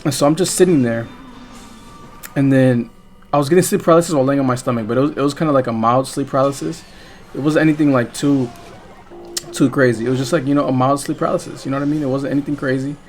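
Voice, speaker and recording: A man's voice: mid-range voice, fast, darkish tone, faint music behind. Young guy gaming and rambling thru a story, swears a lot, lots of likes and ums. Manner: rambling, profane, filler-heavy storytelling. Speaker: gaming vlogger. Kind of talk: casual storytime while playing a game.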